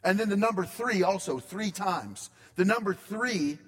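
A man delivers a sermon in a church sanctuary, speaking conversationally and leaning on dramatic pauses. His voice sits a bit high for a man. A long reverb trails after each phrase. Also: expressive, a bit bright. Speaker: pastor.

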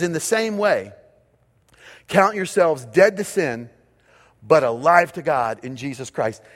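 A man preaching a sermon as pastor, speaking emphatically and repeating key phrases for his congregation. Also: fairly high pitch. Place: church auditorium. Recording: long reverb of a large hall.

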